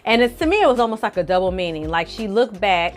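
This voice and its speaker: A woman vlogger recapping a TV episode in casual, lively chat, calling her viewers y'all and honey. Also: mid-range voice, fast talker. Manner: animated, colloquial, addresses viewers as y'all and honey. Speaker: film review vlogger.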